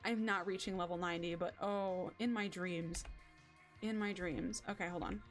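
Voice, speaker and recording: A young woman streaming a game, chatting in a rambling, excitable, self-mocking way. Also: fairly low pitch, normal speed, faint music behind. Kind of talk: casual live-stream chatter.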